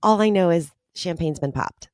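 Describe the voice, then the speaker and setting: Low-voiced enthusiastic woman podcaster. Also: moderate pace, darkish tone, no echo, studio quality. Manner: enthusiastic, rambling, frequent ums. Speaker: podcast co-host. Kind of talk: casual chat.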